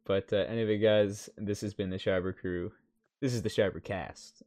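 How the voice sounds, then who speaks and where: A man's voice: lowish voice, steady tone, a little fast, darkish tone. A man hosting a casual podcast and wrapping up the episode, rambling and repeating words as he talks. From Canada. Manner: rambling, repeats words while closing the show. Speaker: podcast host.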